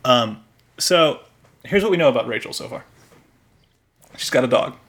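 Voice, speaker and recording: A male podcast co-host talking in a laid-back, rambling way with lots of halting restarts. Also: medium pitch, lively intonation, fairly bright tone. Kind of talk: casual comedic chat.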